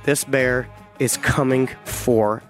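A hunting guide telling a tense first-person story, vivid and halting, with frequent restarts. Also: male voice, medium pitch, steady tone, faint music behind.

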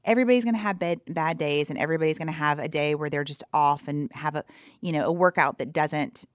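A woman's voice: low voice, fast talker, no echo, clean studio sound. A woman, an endurance athlete, telling her story as a guest in a podcast interview and acting out her own inner voice.

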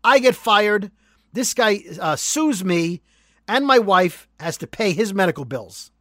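A man co-hosting a podcast, retelling a TV episode as an animated storyteller who acts out the quotes. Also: high voice, measured pace, no echo, studio quality. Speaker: podcast co-host. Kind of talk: casual recap chat.

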